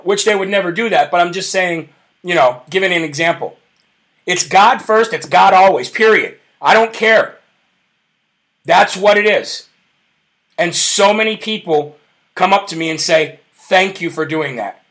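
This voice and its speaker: A brash man with a high-pitched voice hosts a live talk show. He talks in a fervent, preacher-like way, firm and quick to stress his point. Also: fairly bright tone. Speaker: political talk show host. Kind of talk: live show with prayer and reading viewer comments.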